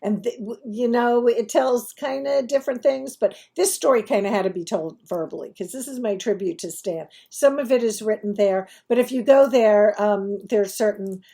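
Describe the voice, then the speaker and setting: A woman's voice: medium pitch, moderate pace, vocal fry, hardly any pauses, warm tone. A woman from Brooklyn with a New York accent, telling stories to her YouTube viewers from home in a chatty, digressive way with self-mocking asides. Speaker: YouTube host. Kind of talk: casual storytelling to camera.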